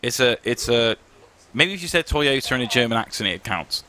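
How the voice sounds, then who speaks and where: A man co-commentating a live motorsport event, upbeat and full of excitable banter. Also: medium pitch, fairly quick.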